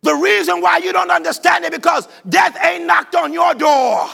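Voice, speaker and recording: A man preaching a sermon, shouting in a sing-song cadence. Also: very high-pitched, normal speed, gravelly. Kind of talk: whooping sermon.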